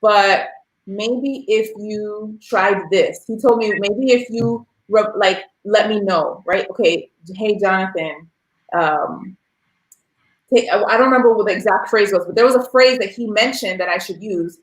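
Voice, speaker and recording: A woman's voice: medium pitch, moderate pace. A woman in her thirties talking casually as a parent, telling candid stories about raising her young son and acting out the dialogue. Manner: candid, storytelling with quoted dialogue. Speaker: parent sharing experience. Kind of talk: casual discussion. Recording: roomy echo.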